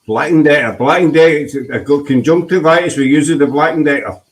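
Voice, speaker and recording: A man's voice: a little high, brisk, poor audio. A Scottish man hosting an online talk show, chatting casually with lots of fillers. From Scotland. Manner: chatty, self-deprecating, with frequent fillers. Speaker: host. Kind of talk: casual chat.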